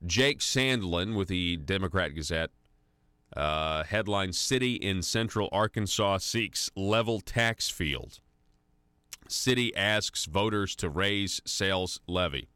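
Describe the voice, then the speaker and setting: A man's voice: low-pitched, animated, slow, bright, forceful tone, clear, resonant tone, no echo. A man hosting a conservative talk radio show, delivering an indignant, sarcastic monologue full of restarts into a studio microphone. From United States.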